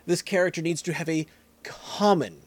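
A man's voice: a little high, normal speed. A man co-hosting a casual talk podcast, who often restarts and trails off mid-sentence. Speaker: podcast co-host. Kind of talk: casual chat.

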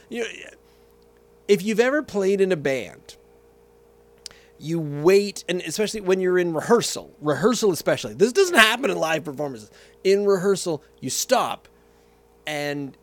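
A man vlogging casually, telling a rambling story and tasting a beer, often correcting himself and going off on tangents. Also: fairly high pitch.

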